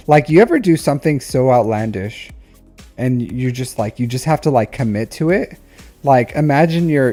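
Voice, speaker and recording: A man's voice: mid-range voice, warm tone. A man giving casual live-stream commentary on game accounts, rambling and repeating phrases with lots of "like" and "um".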